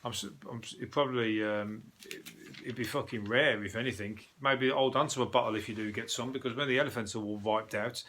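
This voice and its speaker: A man's voice: medium pitch, fairly even intonation, a little fast, few pauses, fairly bright tone. A man with a Birmingham accent, hosting a casual solo news podcast in a rambling, sweary, chatty way with lots of fillers. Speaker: podcast host.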